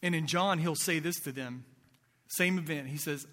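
A male pastor with a slightly high, fairly bright voice preaches a sermon at normal speed. He speaks conversationally, posing rhetorical questions, and a large hall's long reverb surrounds him.

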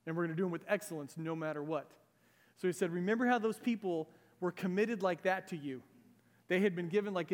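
Male pastor, middle-aged, high voice, chatty animated sermon, long hall reverb. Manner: conversational, animated preaching with asides. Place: church sanctuary.

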